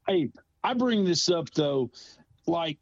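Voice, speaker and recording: A man's voice: a little high, expressive, takes it slowly, dry recording, lo-fi sound. A man co-hosting a casual, joking chat, sarcastic and fond of putting on silly voices. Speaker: podcast co-host.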